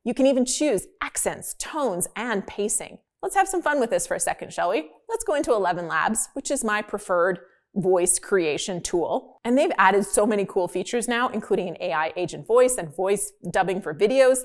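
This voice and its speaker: In a casual, upbeat way, a woman hosts an explainer video. Her pitch is an ordinary middle one, her intonation lively and her pace moderate, and she puts emphasis on key words.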